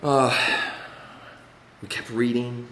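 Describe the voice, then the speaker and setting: A man's voice: medium pitch, level tone, slow pace, fairly bright tone. A man sharing his recovery story with an audience, rambling and self-mocking, with many fillers. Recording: echoey hall from a distance.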